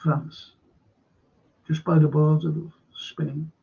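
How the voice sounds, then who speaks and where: Slow, gravelly man telling stories. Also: fairly high pitch, flat delivery, highs cut off. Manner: halting, meandering, repeats words for emphasis. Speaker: host of a live-streamed current affairs show. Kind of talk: casual rambling storytelling to viewers.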